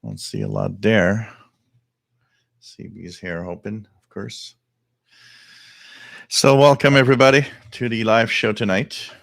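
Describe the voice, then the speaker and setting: A man's voice: fairly low pitch, animated, unhurried, gravelly, pauses often, no echo, clean studio sound. A middle-aged French Canadian man, French his first language, hosting a live radio hobby stream in casual, rambling chat with many fillers. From Quebec, Canada. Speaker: host.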